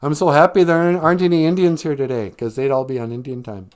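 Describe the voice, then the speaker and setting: A man's voice: on the high side, fairly even intonation, fast, darkish tone, pitched above the performer's own voice, natural voice. A man voicing a pompous, mean male school principal who scolds in a raised, sneering voice. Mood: scolding.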